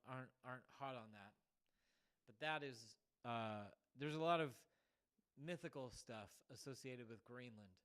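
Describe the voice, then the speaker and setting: A man's voice: fairly high pitch, fairly bright tone. A man hosting a show, giving a rambling political monologue full of "like" fillers. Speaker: show host.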